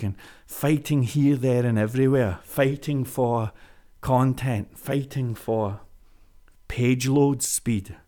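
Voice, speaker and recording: A man talking straight to his viewers in a casual vlog, pitching an idea like a salesman and repeating phrases for emphasis. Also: a little mellow. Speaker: web business vlogger. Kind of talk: energetic casual monologue to camera.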